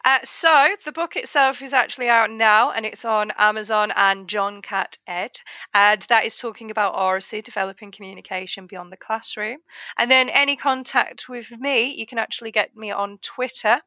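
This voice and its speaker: Bright, eager woman teacher on a podcast. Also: on the high side, steady tone, moderate pace, dry recording. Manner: enthusiastic, restarts and trails off often. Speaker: guest author and teacher. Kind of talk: podcast interview.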